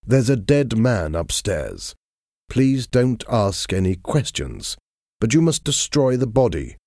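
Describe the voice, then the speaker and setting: A man's voice: lowish voice, very animated, slow pace, darkish tone, dry recording, studio quality, voice pushed up, exaggerated voice. A man voicing a desperate young man who pleads and then threatens, in a storybook reading. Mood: pleading. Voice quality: pleading, urgent.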